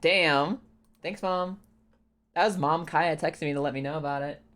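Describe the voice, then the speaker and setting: A young woman streaming a game, chatting casually, excitable, swearing often and breaking into squealing laughs. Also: deep voice, moderate pace. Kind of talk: casual live-stream chat while playing a game.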